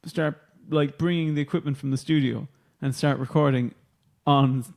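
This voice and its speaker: A man's voice: on the high side, fairly even intonation, normal speed, gravelly, darkish tone. A young Irish man co-hosting a podcast, bantering casually with playful, jokey comebacks. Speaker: podcast co-host.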